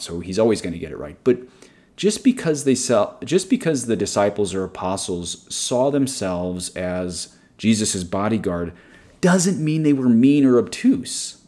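A man's voice: fairly low pitch, mellow. A man preaching a meditative sermon in an earnest, digressive, opinionated way. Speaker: Catholic preacher. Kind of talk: sermon-style guided meditation.

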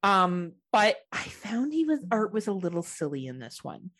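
A woman's voice: mid-range voice, very animated, normal speed, fairly bright tone. A woman from Ontario, Canada hosting a horror podcast, chatting casually, laughing often and swearing freely. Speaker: podcast host. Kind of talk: casual chat.

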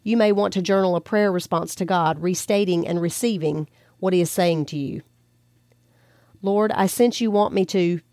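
A woman who hosts a podcast and wrote the book, reading a devotional chapter aloud in a gentle, prayerful way and slowing down for scripture. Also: lowish voice, no echo, studio quality. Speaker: podcast host and author.

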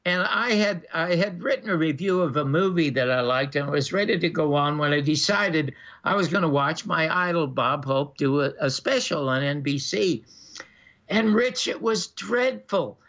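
Bright high-voiced older storyteller, a man. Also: normal speed. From Canada. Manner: animated anecdotes with laughs and restarts. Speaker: guest, former TV critic. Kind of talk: storytelling interview. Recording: dull lo-fi recording.

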